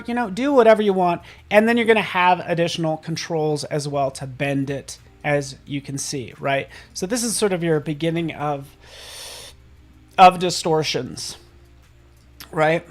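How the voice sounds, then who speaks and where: An upbeat man runs a live software tutorial and talks straight to viewers in the chat. His delivery is casual and playful, and he jokes about himself as he teaches. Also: high voice. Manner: casual and self-joking. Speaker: host and software instructor.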